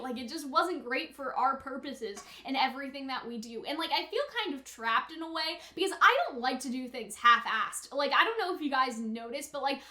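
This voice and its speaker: A woman's voice: sits high, roomy sound. A young woman YouTuber reacting to an anime episode, shrieking and gasping at the screen, then rambling casually with lots of "like". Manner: loud gasping outbursts while watching, then chatty rambling with many "like"s. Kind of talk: casual reaction and rant to camera.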